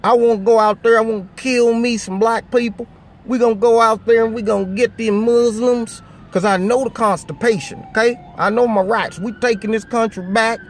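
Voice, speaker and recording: A man putting on a mocking voice of a ranting male bigot, loud and exaggerated. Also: extremely high pitch, fairly even intonation, normal speed, slight background noise, voice pushed up.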